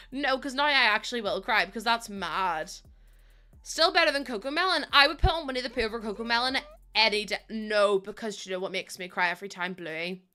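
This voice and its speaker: A woman's voice: on the high side, bright, forceful tone, smooth. A young adult woman live streaming, chatting casually with her viewers in a giggly, gushing and emotional way.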